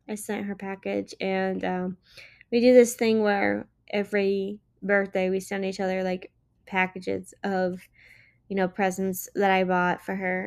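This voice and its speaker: A woman's voice: medium pitch, gravelly. A young woman hosting a casual solo podcast, chatting in a rambling way with lots of filler words, tired and yawning. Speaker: podcast host and small business owner.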